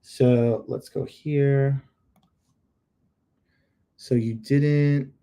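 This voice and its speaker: Very slowly and with frequent pauses, a livestream host in a steady, dark, medium-pitched voice critiques the product listings on his screen, chatting casually with jokes and emphatic repetition.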